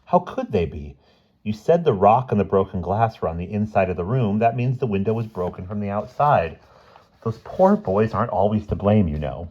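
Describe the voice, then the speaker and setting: A man voicing a calm middle-aged wife who speaks softly and soothingly. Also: lowish voice, normal speed, breathy edge, dull audio. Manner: soft, soothing.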